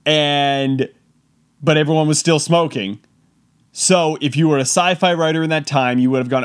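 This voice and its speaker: A man's voice: fairly high pitch, normal speed, clean tone. A man giving a casual comedic monologue, rambling and laughing often with mock-outraged asides.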